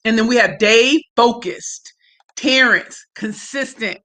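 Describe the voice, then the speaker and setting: A woman's voice: fairly high pitch, slow, a bit bright, slight background noise. A woman hosting a livestream, chatting effusively and in slang, greeting viewers by name and reading their comments aloud. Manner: slangy and emphatic. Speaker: livestream host. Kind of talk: casual livestream chat.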